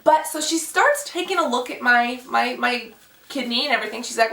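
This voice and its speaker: A young woman vlogger telling a personal story in a casual, animated way, acting out the voices of the people in it. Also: a little high, brisk, vocal fry, echoey room, distant mic.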